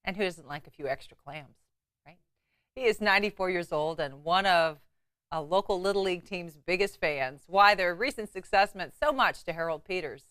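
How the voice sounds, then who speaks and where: A woman anchoring a weekend morning newscast, reading stories briskly with chatty asides, from a TV studio. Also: lowish voice, fairly bright tone, faint music behind. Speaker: news anchor.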